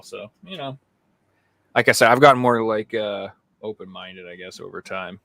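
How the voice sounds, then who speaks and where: A man's voice: lowish voice, moderate pace, creaky, no echo. A man co-hosting a podcast, chatting casually and laughing easily. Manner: animated, laughs a lot. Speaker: podcast co-host. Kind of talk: casual chat.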